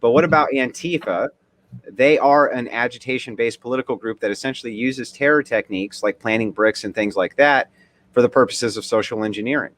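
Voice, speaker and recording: A man's voice: medium pitch, fairly quick, a bit bright. A man hosting a livestream debate, brash and crude. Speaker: debate host.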